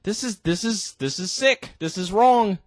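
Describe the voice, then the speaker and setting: A tipsy man rants at a video he is watching, crude and laughing in disbelief. His voice sits a touch high and swings widely, and he talks slowly in a dry, close sound. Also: animated. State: drunk. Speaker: vlogger reacting to a video. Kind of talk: ranting reaction commentary.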